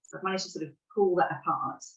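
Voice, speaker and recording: Mum, lowish voice, frank and self-deprecating, roomy off-mic recording. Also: female voice, fairly even intonation, fast talker. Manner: candid, laughs at herself while recounting. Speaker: parent sharing an example. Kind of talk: reflective conversational talk. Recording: roomy, distant, dull sound.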